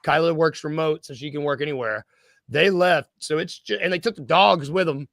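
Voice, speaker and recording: High, bright-voiced man rambling on a podcast. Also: creaky, dry recording. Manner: rambling, self-deprecating, quick jokes. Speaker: podcast co-host. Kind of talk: casual sports podcast chat.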